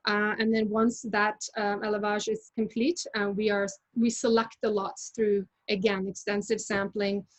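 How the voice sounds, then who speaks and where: A woman's voice: mid-range voice, little pitch movement, moderate pace, hardly any pauses, rough recording. A woman leading a virtual wine tasting, talking casually with many fillers and restarts. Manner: chatty, many fillers and self-corrections. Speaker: winery representative leading a tasting. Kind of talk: casual presentation on a video call.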